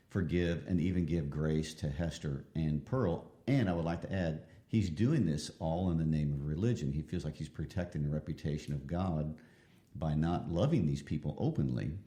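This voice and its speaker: A man co-hosting a literature podcast, giving measured, reflective comments. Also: a bass voice, expressive, warm tone. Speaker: podcast co-host. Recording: echoey room.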